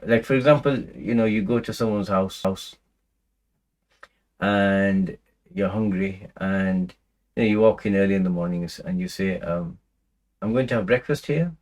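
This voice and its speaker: Low-voiced male scripture teacher, chatty. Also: darkish tone, poor audio. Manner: conversational, many fillers and restarts, recites Arabic verses. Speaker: Quran teacher. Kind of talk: casual lecture on scripture.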